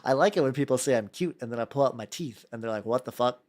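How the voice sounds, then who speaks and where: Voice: medium pitch, fast. A miniature-painting streamer chatting casually and rambling, swearing freely and repeating greetings to viewers while working at a home hobby desk.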